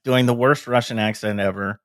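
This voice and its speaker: A man guesting on a comedy podcast, incredulous and quick to laugh. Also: mid-range voice, fairly even intonation, a bit bright, dry recording, clean studio sound. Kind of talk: casual comedic chat.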